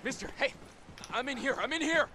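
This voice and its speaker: A man's voice: very high-pitched, lively intonation, brisk, bright, forceful tone, a little hiss or hum, heavily acted. An actor voicing a scared young male survivor who stammers and pleads in a video game cutscene. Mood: pleading. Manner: frantic, stammering.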